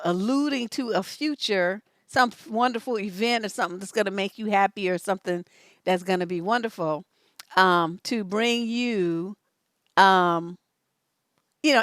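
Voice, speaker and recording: An older woman who works as a relationship coach gives live stream commentary in an animated, cheeky way and laughs often. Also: mid-range voice, no room sound, studio quality.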